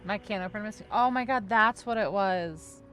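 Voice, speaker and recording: A woman's voice: medium pitch, fairly quick, fairly bright tone, faint music behind. A woman casually chatting while playing a video game with a friend, dry and self-mocking. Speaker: co-host streaming a game. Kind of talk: casual gameplay chat.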